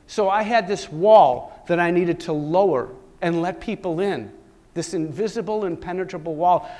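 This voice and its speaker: A middle-aged man giving a keynote talk to a live audience, telling a personal story in an animated way, with sudden loud bursts and soft asides. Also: on the high side. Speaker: keynote speaker.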